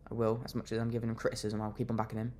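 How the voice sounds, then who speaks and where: A man's voice: on the low side, monotone, very fast, a little mellow. A young man venting his anger in a fan reaction rant, fuming and repeating himself as he vents. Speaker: football fan vlogger.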